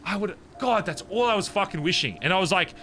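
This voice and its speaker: A streamer stays in character during a roleplay conversation, venting through a heated, profane retelling. His voice sits high, and he talks fast and animatedly.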